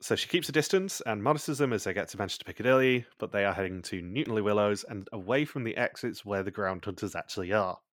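低沉的英国口音男播客主持. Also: male voice, on the low side, fast, hardly any pauses, a bit bright, no room sound, clean studio sound. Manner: blunt, swears casually, recaps plot in long runs. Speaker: podcast co-host. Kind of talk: casual chat recapping a TV show.

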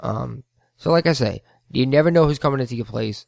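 A man's voice: mid-range voice, lively intonation, fast, creaky, a little mellow, dry recording. A man hosting a podcast, telling a rambling story with heated asides. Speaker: podcast host, float center owner. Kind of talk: casual storytelling monologue.

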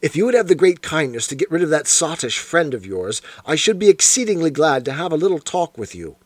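A man reading aloud and voicing a sharp, masterful detective who speaks in a crisp, precise, commanding manner. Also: fairly high pitch, sing-song, a little fast, no echo. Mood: quiet command. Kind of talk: audiobook character voice.

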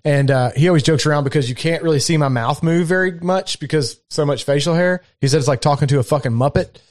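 A man co-hosting a podcast in casual chat, animated and profane, often laughing. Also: fairly high pitch, quick pace. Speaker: podcast co-host.

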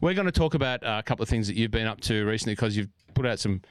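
Male podcast host, casual and chatty, smooth voice, dead-dry booth. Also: lowish voice, expressive, rapid-fire, no room sound. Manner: chatty, rambling, lots of fillers and friendly banter. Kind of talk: casual chat.

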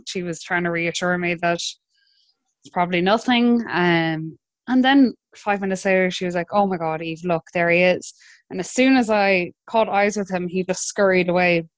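A young Irish woman in her twenties, telling her own story in a relaxed, chatty way with hesitant restarts. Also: fairly low pitch, moderate pace, no room sound. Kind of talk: conversational storytelling.

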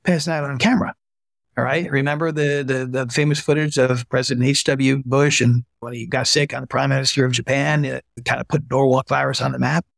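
Gravelly-voiced man telling stories. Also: medium pitch, a little fast, few pauses, dry recording, clean studio sound. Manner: animated storyteller, acts out quoted voices. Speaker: guest, retired army physician. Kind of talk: conversational storytelling interview.

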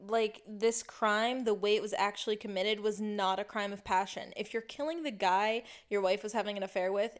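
A woman co-hosting a podcast, recapping a TV episode in casual chat and laughing often. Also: mid-range voice. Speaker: podcast co-host.

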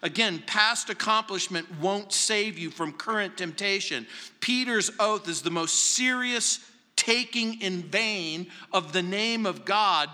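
High, sharp-voiced preaching man. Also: slow, big-room sound. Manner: emphatic preaching, drops to hushed tones. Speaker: pastor. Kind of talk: sermon.

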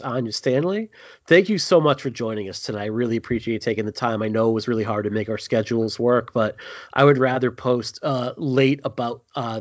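A man's voice: mid-range voice, dry recording. Chatty male podcast host, dry dull mic. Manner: chatty, rambling with frequent ums. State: a little tired. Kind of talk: casual podcast chat.

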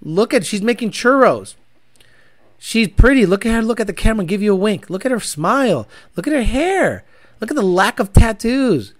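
Brash male car-show host, casual profane rant with Spanish asides, lively pitch. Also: normal speed. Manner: profane, animated, with sudden bursts of Spanish.

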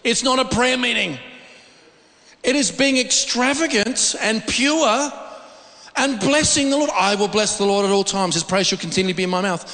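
High bright-voiced middle-aged man preaching. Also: normal speed. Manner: informal, repeats words while searching for phrasing. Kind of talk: conversational sermon. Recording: long reverb of a large hall.

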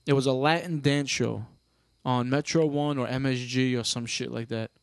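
A man's voice: mid-range voice, steady tone, normal speed, vocal fry, no echo. A man co-hosting a podcast, talking bluntly and crudely and teasing his friends. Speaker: podcast co-host. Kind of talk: casual crude banter.

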